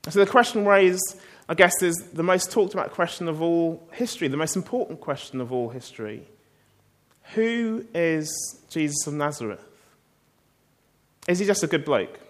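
A man's voice: on the high side, lively intonation, normal speed. A man preaching a sermon, telling the story in a conversational way and asking the listeners rhetorical questions.

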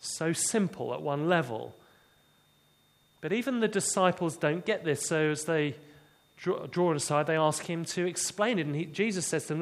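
A man preaching a sermon, expressive and dramatic, dropping low and quiet for emphasis. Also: normal speed.

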